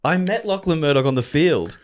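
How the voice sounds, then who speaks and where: A man's voice: a little high, animated, brisk. A young man telling rambling stories in casual podcast chat, laughing and swearing often. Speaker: podcast guest.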